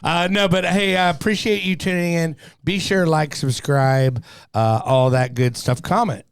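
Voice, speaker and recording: A man's voice: on the high side, steady tone, unhurried, slight background noise. A man hosting a casual recovery podcast, joking and laughing often. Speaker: podcast host.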